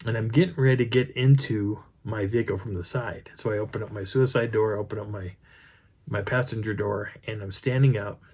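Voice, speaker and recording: Middle-aged man, lowish husky voice, rambling campfire-style storyteller, restarts often. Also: a little fast. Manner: rambling, animated retelling with many restarts. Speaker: Bigfoot researcher telling a field story. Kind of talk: casual first-person storytelling.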